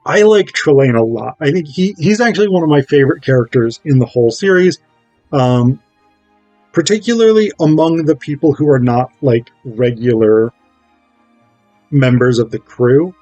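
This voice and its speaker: A man's voice: mid-range voice, animated, normal speed, darkish tone, dry recording, faint music behind, low-quality recording. A man recapping a television episode at home, rambling with self-interrupting asides. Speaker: video essayist.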